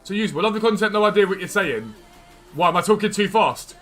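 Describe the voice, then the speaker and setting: A man hosting a live game stream, chatting casually and quickly answering viewers' questions from chat. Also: high voice, lively intonation, a bit bright, faint music behind.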